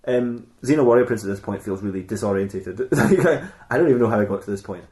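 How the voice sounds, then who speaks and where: A man's voice: lowish voice, fast, darkish tone. A man hosting a podcast, telling an improvised comedy story loosely, laughing and correcting himself. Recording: roomy echo.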